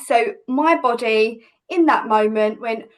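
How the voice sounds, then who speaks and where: Woman, thirties, lively personal storytelling, somewhat high voice. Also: takes it slowly, low-quality recording. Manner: animated, vivid retelling with many restarts. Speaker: podcast guest, hypnobirthing teacher.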